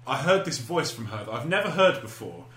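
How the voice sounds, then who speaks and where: Bright-voiced man telling a story casually. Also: medium pitch, big pitch swings, a little fast, echoey room. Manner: storytelling, laughs often, swears. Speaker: podcast co-host. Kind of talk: casual chat.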